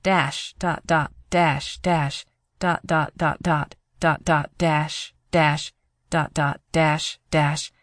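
A narrator reading a tense thriller audiobook in a steady storytelling voice, recorded on a close mic. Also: medium pitch, extremely slow, no echo.

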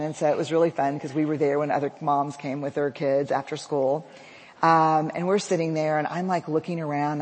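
A woman telling a personal story to an audience, lively and acting out the dialogue she quotes. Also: sits low, slightly rough. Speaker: public speaker. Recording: long reverb of a large hall.

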